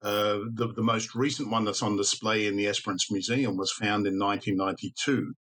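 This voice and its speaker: An older man, telling stories as a podcast guest, halting and full of restarts. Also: fairly low pitch, steady tone, fairly bright tone, poor audio. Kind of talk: casual storytelling.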